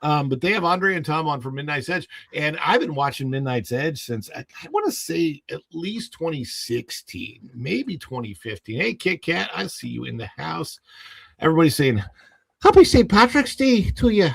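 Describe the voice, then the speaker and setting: A man's voice: fairly high pitch, animated, moderate pace, creaky, a bit bright, slightly rough. A man hosting a casual livestream podcast, rambling and full of fillers and restarts, often laughing at his own stories.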